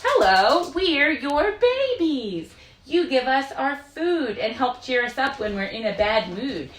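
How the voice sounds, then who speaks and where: A woman's voice: sits high, lively intonation, measured pace, a bit bright, pitched above the performer's own voice. A woman doing sweet, loving baby animals. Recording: roomy echo.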